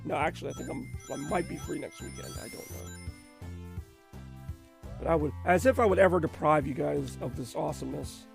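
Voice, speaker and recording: A hoarse man with a sore throat, hosting a retro gaming stream in rambling, chatty commentary. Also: fairly high pitch, a little fast. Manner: rambling, chatty, self-deprecating. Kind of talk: casual live-stream commentary. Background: faint game music.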